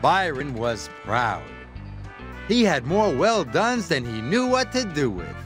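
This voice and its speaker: A man narrating a children's storybook aloud in an expressive, sing-song way. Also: a little high, slow pace. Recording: read-aloud over background music. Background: music.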